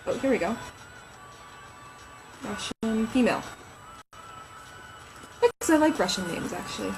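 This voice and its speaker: A woman's voice: a little high, big pitch swings, measured pace, music in the background, rough recording. Chatty woman thinking aloud on a livestream. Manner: chatty and rambling, reads names aloud while musing. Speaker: romance novelist livestreaming. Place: at home.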